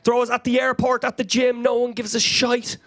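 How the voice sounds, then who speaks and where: A high-pitched Irish man in his thirties tears through a stand-up set on a comedy club stage, talking straight into a handheld mic. His delivery is frenetic and anecdotal, and he keeps pulling the crowd in with questions. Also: flat delivery, a little fast, a bit bright, faint music behind. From Ireland. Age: 30s. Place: comedy club stage before a live audience.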